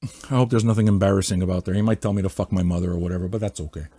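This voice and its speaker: A man hosting a music podcast, ranting casually and swearing a lot, swinging from loud mocking outbursts to low muttering. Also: steady tone, very fast, dry recording. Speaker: podcast host. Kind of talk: casual profane rant.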